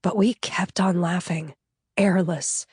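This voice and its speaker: A woman reads a novel in the first person, measured and even, in a lowish voice. The sound is close and dry, with no room around it. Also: slightly rough, dry recording. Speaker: audiobook narrator. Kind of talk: first-person audiobook narration.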